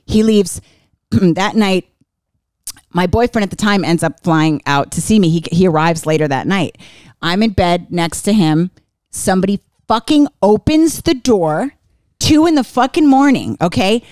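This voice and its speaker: A woman's voice: fairly low pitch, lively intonation, unhurried, a little mellow, no room sound. A middle-aged woman comedian telling a story on a podcast, casual and profane, acting out the quotes in her story. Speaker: comedian guest.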